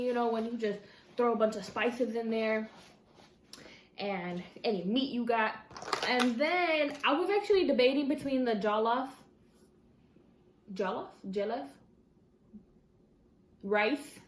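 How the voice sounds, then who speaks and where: A woman's voice: on the high side, moderate pace, echoey room, slight background noise. A woman chatting casually to camera as a mukbang vlogger at her dining table, rambling with fillers and correcting herself.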